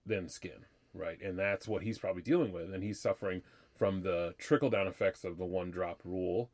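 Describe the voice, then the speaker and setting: A man in his thirties, co-hosting a casual podcast and giving his opinions in an animated, rambling way. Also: deep voice, a little fast. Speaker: podcast co-host. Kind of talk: casual chat.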